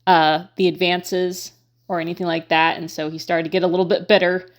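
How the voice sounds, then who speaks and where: Woman host, slightly low voice, candid chatty commentary with frequent fillers. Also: flat delivery, a little fast. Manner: conversational, many fillers, frank and pointed. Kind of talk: casual commentary to camera.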